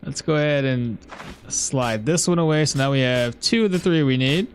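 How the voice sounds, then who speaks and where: A man's voice: medium pitch, expressive, moderate pace, slight background noise. A man giving casual gameplay commentary, thinking aloud as he plays and laughing at chat messages. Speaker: gameplay streamer.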